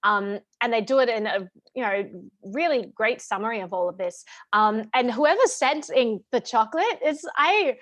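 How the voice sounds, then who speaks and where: A woman hosting a casual interview, animated and playful, laughing easily. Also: on the high side, normal speed, hardly any pauses, dry recording. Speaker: host. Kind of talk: casual chat.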